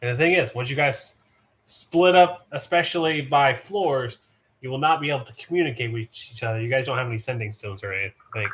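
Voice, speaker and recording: A man's voice: mid-range voice, fairly quick, fairly bright tone. A man in his thirties, a player at a tabletop game, chatting casually and wandering into asides.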